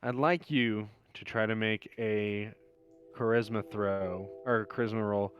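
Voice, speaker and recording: A man's voice: lowish voice, fairly even intonation, a little slow, smooth, muffled recording, soft background music. A man narrating as game master in a tabletop role-playing game.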